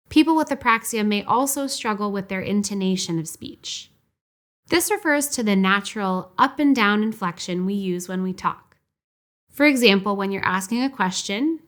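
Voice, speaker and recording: Woman narrating a clear explainer. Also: medium pitch. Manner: clear, measured, instructive delivery. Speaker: educational narrator.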